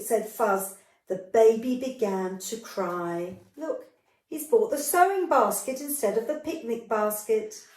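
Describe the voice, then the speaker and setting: A storyteller with a slightly high, animated, somewhat mellow voice reads a picture book to young children without hurrying. She livens up the characters' voices and adds chatty asides, heard from a distance in an echoey room.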